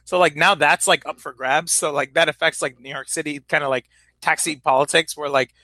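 A man with a fairly high, bright and sharp voice co-hosts a podcast. He fills his talk with "like" and hedges as he goes. The recording is dry and close. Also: steady tone, a little fast, dry recording. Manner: hedging, lots of "like", swears. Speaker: podcast co-host. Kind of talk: casual political banter.

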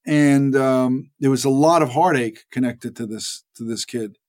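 In an unhurried, mid-range voice, this actor guest tells loose, rambling stories during a relaxed interview. He stays animated and performs the voices of the people he's quoting.

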